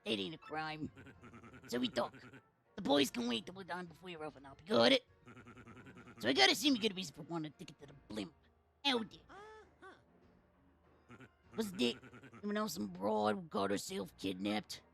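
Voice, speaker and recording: A woman voicing a gruff, touchy male mob boss with a Brooklyn accent, reading game dialogue aloud in tough-guy gangster talk. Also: mid-range voice, animated, normal speed, long pauses, fairly bright tone, faint music behind. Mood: sizing up.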